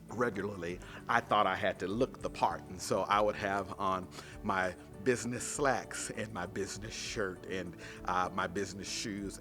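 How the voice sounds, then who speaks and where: A male pastor giving a short devotional sermon with lively, emphatic storytelling. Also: on the low side.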